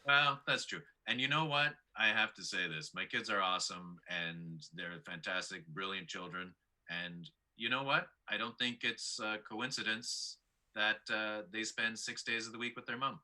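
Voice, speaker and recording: A middle-aged man, a stand-up comedian, chatting as a guest in dry, self-mocking deadpan with hesitant fillers. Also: lowish voice, moderate pace. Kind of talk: deadpan self-deprecating comic chat.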